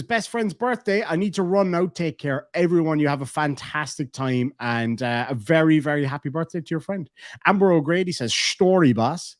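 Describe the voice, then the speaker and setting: A man's voice: fairly high pitch, no echo, studio quality. A young Irish man streaming and chatting casually, reading out comments from live chat and swearing freely along the way.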